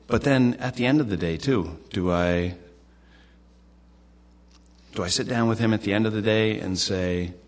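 A man's voice: fairly low pitch, normal speed, long pauses. A man preaching a casual, conversational sermon, often repeating himself and restarting his phrases. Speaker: pastor.

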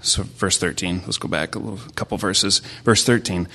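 A man in his thirties giving an informal sermon, talking haltingly with many restarts and fillers. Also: low voice, pushed and bright, breathy edge. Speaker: preacher sharing a devotional. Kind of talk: informal sermon with family stories.

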